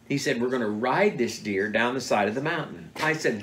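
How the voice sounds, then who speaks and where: A man's voice: mid-range voice, normal speed, hardly any pauses. Man, storytelling father, mid-range voice, plays out every quote with relish, a faint background hum. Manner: animated, acts out quoted dialogue. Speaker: father telling hunting stories. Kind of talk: casual storytelling interview.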